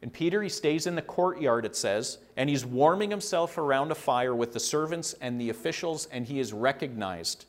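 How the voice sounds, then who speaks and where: A man's voice: medium pitch, lively intonation, moderate pace, hardly any pauses. A man preaching a sermon in an earnest, conversational way, repeating phrases for emphasis and briefly acting out quoted lines.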